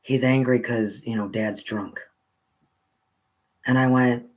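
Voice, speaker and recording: Man telling a rambling childhood story. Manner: rambling, with pauses and restarts, rising pitch when excited. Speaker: channel host telling a personal story. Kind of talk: casual storytelling.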